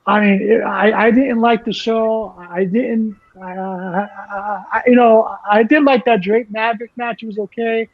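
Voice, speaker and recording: High-voiced stammering man, lo-fi. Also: steady tone, moderate pace, creaky, few pauses. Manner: rambling, stammering, often laughing. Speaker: podcast co-host. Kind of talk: casual wrestling chat.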